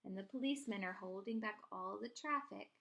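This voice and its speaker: A woman teacher reading a picture book aloud to children, expressive and pointing out the pictures. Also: mid-range voice, brisk, creaky.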